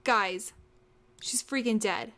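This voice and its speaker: A woman's voice: a little high, slow pace, a bit bright. A young woman casually commenting on her own gameplay as a let's play host, often gasping and exclaiming.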